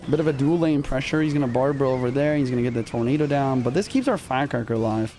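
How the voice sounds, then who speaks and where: A young man commentating his own live gameplay in casual slang, excitable and quick to yelp when rattled. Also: mid-range voice. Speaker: gaming streamer. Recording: music underneath.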